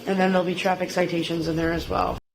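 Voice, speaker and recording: Steady, low-pitched policewoman explaining charges over background noise. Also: fast, gravelly. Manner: calm, procedural. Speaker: police officer.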